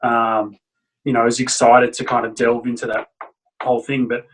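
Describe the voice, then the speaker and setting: A male drummer being interviewed on a podcast, with a voice of ordinary pitch. He answers casually and unhurriedly, pausing and restarting as he thinks. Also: level tone, far from the mic, rough recording. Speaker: guest drummer.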